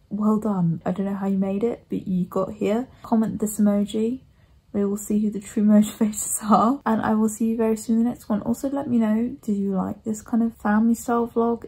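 A woman's voice: mid-range voice, creaky, mellow, husky. A young woman in her twenties, a ballet dancer chatting casually to camera in a rambling vlog. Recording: music playing underneath.

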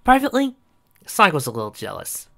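A man narrating a fan-made story, reading aloud with animated delivery. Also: on the high side, fast, gravelly.

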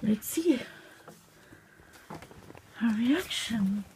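Out in the snow, a Norwegian vlogger holds her phone and chats in a relaxed way, laughing and cooing baby talk at her puppy, her Norwegian accent clear. She speaks slowly in a fairly high voice, pausing often. There's a lot of noise behind her.

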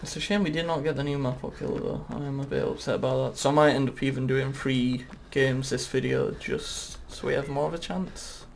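Young male gaming YouTuber, gravelly voice, excitable and foul-mouthed. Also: medium pitch, fairly quick, hardly any pauses, a little hiss or hum. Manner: excitable, swears often, talks to the game. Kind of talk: casual gameplay commentary.

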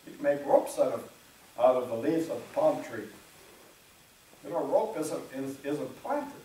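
Preacher in a very echoey church. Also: male voice, mid-range voice, big pitch swings, normal speed, warm tone, far from the mic. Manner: conversational preaching, voices imagined churchgoers, clears throat often. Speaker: pastor. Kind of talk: sermon. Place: church sanctuary. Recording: very echoey church room, speaker away from the mic.

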